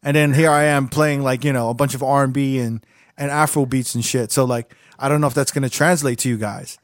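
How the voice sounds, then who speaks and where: A man's voice: medium pitch, fairly even intonation, fairly quick, no room sound, studio quality. A man hosting a casual podcast, talking loosely with plenty of swearing. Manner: loose, profane, laid-back.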